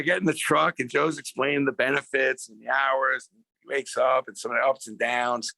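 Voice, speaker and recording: An older man with a New York accent and a gravelly, creaky edge tells his story as a podcast guest. He animates his quotes and swings his voice as he goes. The sound is close and dry. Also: mid-range voice, steady tone, normal speed, sharp tone, dry recording. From Brooklyn, New York.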